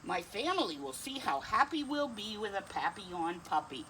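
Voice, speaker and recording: A woman's voice: medium pitch, big pitch swings, moderate pace, sharp tone, a little hiss or hum. A middle-aged woman reading a picture book aloud to children, kindly, with asides to her pet dog. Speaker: storytime reader.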